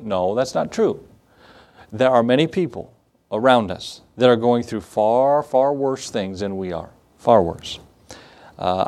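A man's voice: medium pitch, darkish tone. Man preaching a conversational sermon. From United States. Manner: conversational, with laughs and acted asides. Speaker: pastor.

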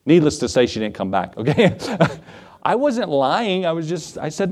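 A man's voice: medium pitch, big pitch swings, moderate pace, a little mellow. A man in the role of pastor, preaching a sermon in a church, conversational, with asides and questions to the congregation. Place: church sanctuary.

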